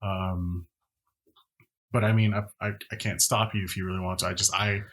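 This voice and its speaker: A man's voice: sits low, flat delivery, moderate pace, a bit bright, voice pushed down. A man voicing a nervous, sly young male servant in a tabletop game, stammering and hesitant.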